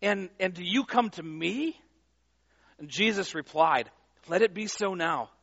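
A man's voice: high-pitched, expressive, unhurried, vocal fry, fairly bright tone, dull audio. A male pastor preaching a sermon in a conversational, emphatic way, with frequent fillers and restarts.

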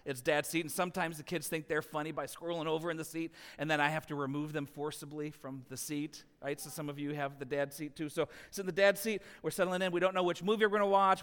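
A man preaching a sermon as a pastor, telling a family story with lively, animated delivery. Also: fairly high pitch, clear, resonant tone, long reverb tail. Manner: animated storytelling, rising loud when acting out scenes.

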